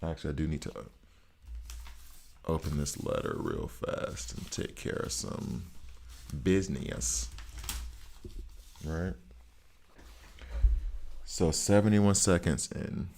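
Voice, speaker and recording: A man's voice: rumbling low, wildly swooping pitch, slow, vocal fry, long pauses, a little mellow, slight background noise. A man casually chatting with his viewers as he plays a game on stream, thinking aloud about stats and choices. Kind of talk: casual live-stream commentary while playing.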